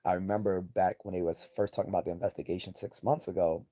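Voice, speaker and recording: A man's voice: low voice, fairly even intonation, quick pace, dark tone. A man hosting a livestream, giving blunt, profane, rambling commentary and reading chat messages aloud. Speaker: livestream host.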